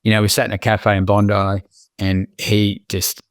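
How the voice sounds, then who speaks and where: An Australian man, a podcast guest, telling his personal story in a reflective, halting way with many restarts. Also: fairly low pitch, completely flat delivery, no room sound, clean studio sound.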